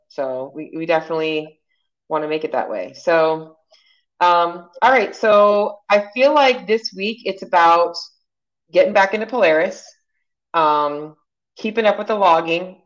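A woman's voice: on the low side, unhurried, dull audio. A woman co-hosting a casual podcast, coaching her partner in a chatty, encouraging way with many fillers. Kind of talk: casual chat.

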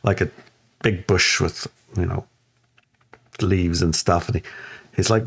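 A man co-hosting a podcast, telling a story in a relaxed, chatty way and acting out the voices of people he quotes. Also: measured pace, creaky, pauses often, slightly rough. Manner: animated, acts out quoted voices with playful high pitch. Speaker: podcast co-host. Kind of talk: casual storytelling chat.

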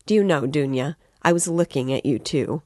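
A woman's voice: low-pitched, moderate pace, darkish tone, dry recording, studio quality, natural voice. A woman reading the part of an anxious, talkative middle-aged mother in a novel. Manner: worried, talkative.

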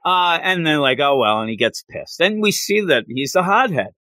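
A man in casual recap chat, animated and joking, often acting out characters' lines in put-on voices. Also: fairly high pitch, moderate pace, no echo. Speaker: show recap co-host.

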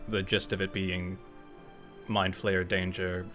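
A man with a very low, flat voice plays his character in a tabletop game, speaking short, measured lines. Faint music sits under the voice. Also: creaky. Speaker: player.

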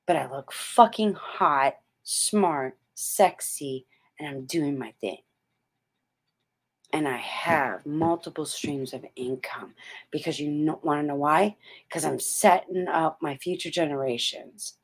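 A middle-aged woman hosts a motivational vlog in a fairly low voice. She speaks slowly and emphatically, repeating her points like a preacher giving a pep talk. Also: slightly rough. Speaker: motivational host.

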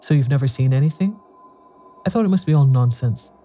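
A man voicing a polite, brisk woman visitor who talks in a cheerful, eager way. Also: mid-range voice, expressive, dark tone, soft background music, close to an everyday voice. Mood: curious.

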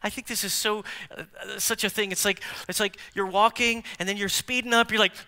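A man preaching a sermon as a pastor in a church, swinging between emphatic declarations and hushed near-whispers and putting questions straight to the congregation. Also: sits high, fairly even intonation, a little fast, clear, resonant tone. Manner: engages the congregation with direct questions. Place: large church sanctuary. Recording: long hall reverb from church sanctuary.

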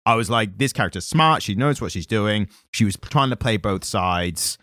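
A comics podcast co-host chats casually in a lowish voice at normal speed, getting animated as he acts out quotes from the comics. The recording is dry and studio quality.

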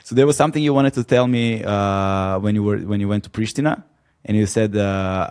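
Low-voiced man asking questions. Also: steady tone, a little fast, darkish tone, clear, resonant tone. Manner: encouraging, short backchannel replies and follow-up questions. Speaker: interviewer. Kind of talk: casual interview chat.

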